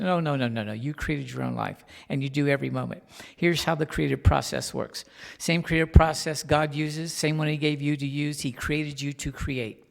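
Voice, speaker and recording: A man, a guest minister, preaching a sermon. He swings from hushed whispers to loud, emphatic lines and puts questions straight to the congregation. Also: a little high, moderate pace, creaky. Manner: talks directly to the congregation with questions. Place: spiritual center sanctuary. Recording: long hall reverb.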